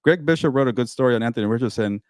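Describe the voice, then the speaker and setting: A man's voice: medium pitch, racing, dry recording, clean studio sound. A man co-hosting a casual sports talk show, ranting emphatically about football. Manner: animated, emphatic rants. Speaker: co-host.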